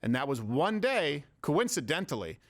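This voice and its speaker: A man's voice: a little high, big pitch swings, normal speed. A man hosting a political talk show, arguing his points and cracking jokes with co-hosts. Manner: argumentative, joking, reads quotes aloud. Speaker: show host.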